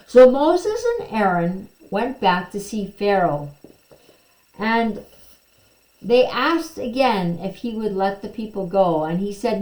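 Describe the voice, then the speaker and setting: A woman teaches a children's Bible lesson, reading the story gently and at a very unhurried pace. Her voice sits at an ordinary middle pitch. The room around her rings with a noticeable echo. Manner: slow, gentle storytelling, quoting figures with a bit more lift. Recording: echoey room.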